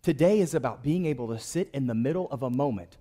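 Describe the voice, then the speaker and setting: A man's voice: medium pitch, animated, fast talker, mellow, long reverb tail. A man preaching a sermon in church, calling on the congregation to respond. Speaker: pastor.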